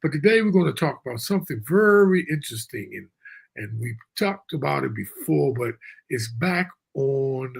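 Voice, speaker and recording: A man with a gravelly, husky voice hosts a casual live-stream show from a remote virtual studio. He talks in a chatty, loose way with folksy asides, at a middling pitch. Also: lively intonation, normal speed. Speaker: talk show host.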